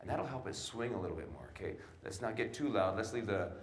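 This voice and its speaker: A man's voice: fairly low pitch, expressive, slight background noise. Man coaching a band, scatting rhythms. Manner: scats rhythms between brisk instructions. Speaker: jazz clinician. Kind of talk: coaching a student jazz band. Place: large concert hall. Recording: roomy hall with band behind.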